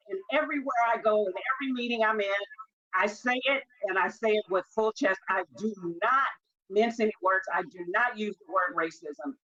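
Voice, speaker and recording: A woman's voice: on the high side, a bit bright, lo-fi sound. A woman author interviewed as a guest, speaking emphatically and repeating her points insistently.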